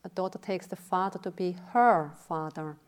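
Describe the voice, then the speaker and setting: A woman meditation teacher giving a dharma talk, telling a teaching story in a deliberate way. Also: fairly low pitch, smooth.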